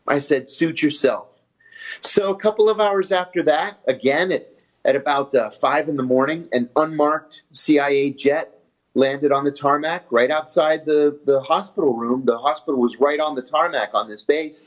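A man telling his story in an interview in a steady, matter-of-fact way. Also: a little high, normal speed. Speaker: former intelligence officer telling his story. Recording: dull lo-fi audio.

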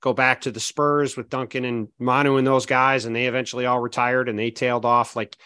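A man talking on a podcast panel in casual chat, laying out his analysis in a measured way with "I mean, look" fillers. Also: medium pitch, flat delivery, sharp tone, smooth, dry recording. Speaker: basketball reporter, podcast panelist.

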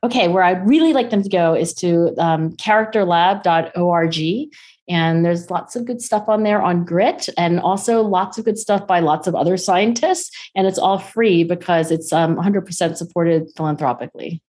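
A woman in her forties, a guest on an interview show, talking fast and filling her speech with "like" and "um". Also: fairly low pitch. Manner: animated, acts out quoted dialogue in raised voices. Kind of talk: conversational interview.

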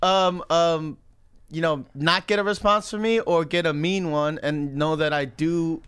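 A man's voice: on the high side, steady tone, unhurried, a bit bright, clear, resonant tone. A man co-hosting a casual podcast, rambling through his points and teasing with mock offense. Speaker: co-host.

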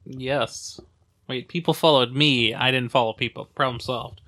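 A man co-hosting a podcast and running the recording setup, easygoing and quick to laugh. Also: medium pitch, fairly even intonation, pushed and bright. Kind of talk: casual chat. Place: small studio.

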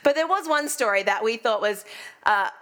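Young Australian woman preacher, high bright voice, casual and self-mocking. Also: animated, normal speed. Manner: chatty, self-deprecating storyteller. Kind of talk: sermon with personal stories.

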